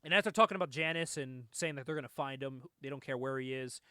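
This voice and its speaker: A man's voice: medium pitch, fast talker, pushed and bright, clear, resonant tone, no room sound. A young man casually retelling a comic book story on a podcast, laid-back, laughing often and filling his talk with "like.". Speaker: podcast co-host.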